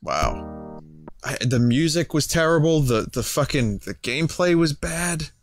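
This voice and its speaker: A man's voice: a little high, sing-song, measured pace. Sarcastic sick male streamer, profane commentary, game music behind. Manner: sarcastic, profane, laughing often. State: sick, slightly hoarse. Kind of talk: casual gameplay commentary.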